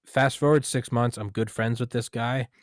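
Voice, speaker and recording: A man's voice: medium pitch, fairly even intonation, moderate pace, dry recording, studio quality. A young man hosting a podcast, telling a story casually with lots of swearing, and quoting himself and others. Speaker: podcast host. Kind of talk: casual conversation.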